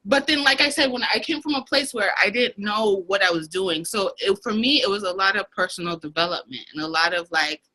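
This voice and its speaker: Bright-voiced young woman, rambling on a call. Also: mid-range voice, a little fast, hardly any pauses, low-quality recording. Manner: rambling, heartfelt, loses her thread. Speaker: co-host of a team video call. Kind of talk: casual motivational chat. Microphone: video call.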